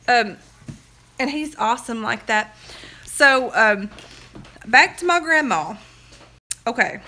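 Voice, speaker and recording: A woman's voice: a little high, sharp tone, a little hiss or hum. A woman, chatting rambly on a phone livestream from her couch at home, drawling and laughing at her own stories. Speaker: livestream host. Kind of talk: rambling casual chat.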